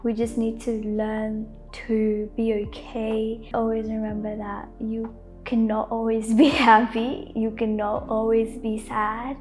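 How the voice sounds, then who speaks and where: A young woman talks softly and casually, with a mellow, somewhat high voice. She laughs easily and often says "like" as she gives gentle advice. Faint music plays behind her. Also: level tone, slow pace. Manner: gentle, soft-spoken, laughs often, uses "like" a lot. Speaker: lifestyle vlogger. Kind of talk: casual advice talk to camera.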